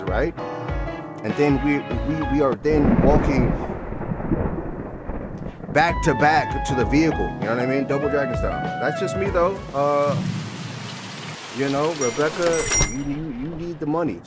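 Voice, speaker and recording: A man in the middle of a horror game let's-play, keeping up a nervous, repetitive ramble and calling his viewers bro and y'all. He sounds scared and sweaty. Loud game music plays under his voice the whole time. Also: mid-range voice. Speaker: gaming let's-play host.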